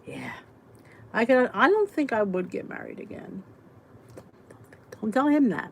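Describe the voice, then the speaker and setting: A woman's voice: a little high, big pitch swings, a little slow, creaky, pauses often, slight background noise, low-quality recording. Sleepy chatty middle-aged woman. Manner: chatty, joking, breaks into laughs and soft whispered asides. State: sleepy, yawning. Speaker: host of a weight loss support chat. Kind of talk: casual live chat reading viewer comments.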